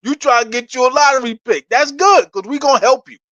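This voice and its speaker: Trash-talking New York man, high voice. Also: fairly quick, fairly bright tone, no room sound, dull audio. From New York City. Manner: boastful, trash-talking, laughs between points. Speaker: sports channel host. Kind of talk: casual fan commentary.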